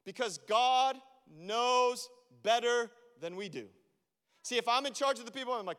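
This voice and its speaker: A man preaching a sermon as a pastor, animated and acting out his own prayers to God. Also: very high voice, normal speed, clean tone. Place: church. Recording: long reverb of a church hall.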